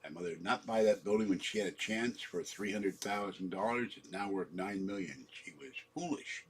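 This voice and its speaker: A man's voice: lowish voice, moderate pace, slightly rough. A man in his seventies telling a meandering personal story, trailing off and correcting his own words, his throat sore from coughing. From San Francisco. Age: 70s. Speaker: channel host.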